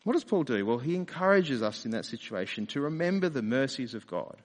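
A man's voice: medium pitch, very animated, fairly quick, in a large hall. A man preaching a sermon in a conversational way, often asking rhetorical questions. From Australia. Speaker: pastor.

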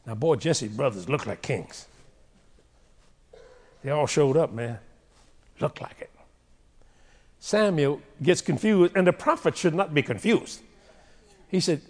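A male preacher delivering a sermon with humorous, animated storytelling, recorded in a large hall with a long reverb. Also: on the high side, slow, pauses often.

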